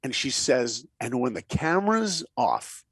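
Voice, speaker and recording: Gravelly, lively storytelling man. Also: mid-range voice, a little slow, no echo. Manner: lively storyteller, acts out quotes, drops to a whisper for emphasis. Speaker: guest, animator and director. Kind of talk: animated storytelling in a podcast interview.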